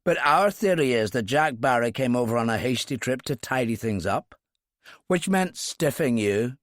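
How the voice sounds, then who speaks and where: Male narrator playing a cheeky, cutting Irishman, lively, dry close audiobook read. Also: mid-range voice, normal speed, dry recording, natural voice. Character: sardonic Irish man, cheeky and tough.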